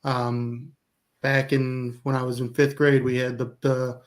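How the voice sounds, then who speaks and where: A man's voice: mid-range voice, unhurried. An American man in his thirties, a guest author chatting casually, meandering with many fillers. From United States. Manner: flat, meandering, filler-heavy. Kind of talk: casual video chat.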